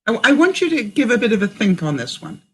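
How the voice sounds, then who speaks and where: A woman's voice: on the high side, very animated, fast talker, husky. An older woman from Canada chatting in a livestream, reading viewer comments and coaching her audience with questions. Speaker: vlogger.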